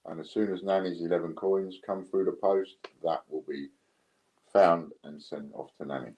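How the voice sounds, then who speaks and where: A British man hosting a casual live stream, relaxed as he counts down bids. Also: low voice, normal speed, low-quality recording. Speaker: live stream host running coin auctions.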